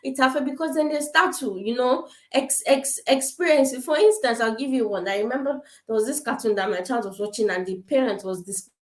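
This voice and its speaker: A woman from Africa giving quick, emphatic parenting advice in an informal talk, repeating her points. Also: on the high side, roomy sound, rough recording. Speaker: parenting speaker. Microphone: camera.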